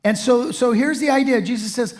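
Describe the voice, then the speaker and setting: A man's voice: very high voice, brisk, a little mellow. A male pastor preaching a sermon in a folksy, conversational way, often saying "you know".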